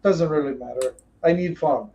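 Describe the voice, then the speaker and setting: A man voicing a hearty seven-foot giant man who leads a town, talking in clipped, broken phrases with a welcoming boom. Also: fairly quick, gravelly, dark tone, a little hiss or hum, low-quality recording. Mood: boastful.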